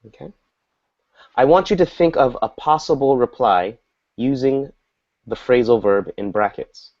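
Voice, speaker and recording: A man teaching an English lesson to a small group, explaining slowly and patiently and acting out example dialogues. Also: mid-range voice, darkish tone. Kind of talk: online group language lesson. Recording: dull lo-fi audio.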